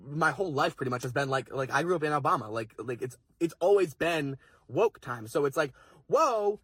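Young male vlogger, husky and dry, rapid heated rant. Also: medium pitch, a bit bright, dry recording. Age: young adult. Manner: fast, heated, swearing, lots of fillers. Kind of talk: impassioned casual rant to camera.

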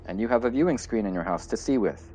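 A man's voice: on the low side, expressive, fast talker, dark tone, pitched above the performer's own voice, rough recording. A man voicing a cold metallic police car. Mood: interrogating. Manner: curt, commanding interrogation.

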